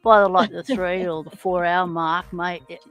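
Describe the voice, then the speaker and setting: A woman chatting casually on a livestream, laughing through her sentences and filling pauses with um. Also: on the low side, fairly even intonation, soft background music. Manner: chatty, laughs mid-sentence, many ums. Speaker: livestream guest. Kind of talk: casual chat. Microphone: headphones and computer mic.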